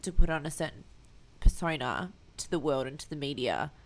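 Chatty woman with a gravelly low voice. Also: brisk. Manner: animated storytelling with many fillers. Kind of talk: casual chat.

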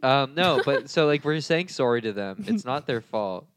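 A man co-hosting a comedy podcast, telling absurd stories in a deadpan, slangy way. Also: medium pitch, normal speed. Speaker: podcast co-host. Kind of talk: comedic banter.

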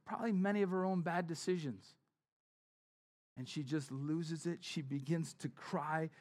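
A man's voice: measured pace, a little mellow. A man preaching a sermon as pastor, talking conversationally and acting out the people in the story. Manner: conversational, acts out quotes with shifting pitch and volume.

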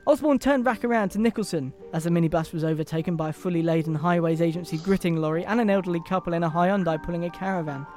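An English man with a high-pitched voice reads a comic Christmas story aloud on a podcast. He leans into the drama and plays each character's voice. Soft music sits behind him. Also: fast, hardly any pauses. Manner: reads dramatically, breaking off into laughter and asides.

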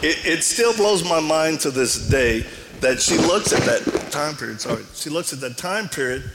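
Gravelly Cajun man telling a funny story. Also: a little high, moderate pace, big-room sound, heavy background noise. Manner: humorous, animated storytelling with self-deprecating asides. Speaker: preacher. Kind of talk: live sermon storytelling.

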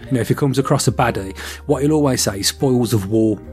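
A man co-hosting a podcast, chatting casually and rambling, with quick switches as he acts out lines from a story. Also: mid-range voice, darkish tone, faint music behind. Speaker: podcast co-host. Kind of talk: casual chat.

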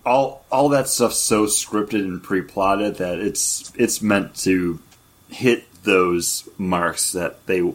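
A man from New York talks film in a casual, wry way. His voice sits a little low and has a husky grain. He comes across as opinionated. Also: slow pace. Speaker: podcast co-host.

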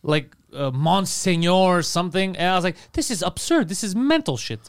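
A man's voice: sits high, smooth, dry recording. A man co-hosting a podcast, telling a story in casual banter, quoting people and swearing as he laughs. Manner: fast, animated, swears, quotes others with laughter. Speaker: podcast co-host.

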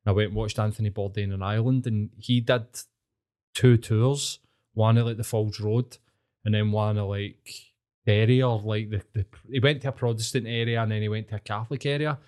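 A man in his thirties with a Glasgow accent, co-hosting a podcast in casual chat, animated and swearing constantly. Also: on the low side, brisk, clean tone. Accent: Scottish, Glasgow. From Scotland. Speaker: podcast co-host.

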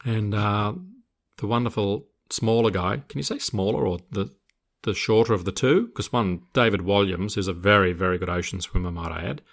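A man's voice: on the low side, normal speed, vocal fry. An older man co-hosting a podcast, rambling through teasing asides. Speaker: podcast co-host. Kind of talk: casual chat.

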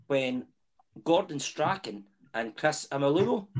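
A Scottish guest on a football chat show, with a voice pitched a little higher than most men's. He lays out his points earnestly in a relaxed, conversational way. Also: slow. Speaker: podcast guest.

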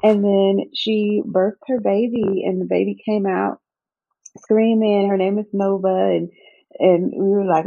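Gravelly-voiced woman physician. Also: mid-range voice, fairly even intonation, unhurried. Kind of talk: interview recollection. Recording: phone-like narrow sound.

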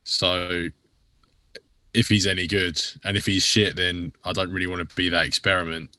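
Deep-voiced man chatting bluntly. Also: little pitch movement, sharp tone, dry recording. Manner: blunt, laughs along, quick interjections. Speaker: podcast co-host. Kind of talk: casual football chat.

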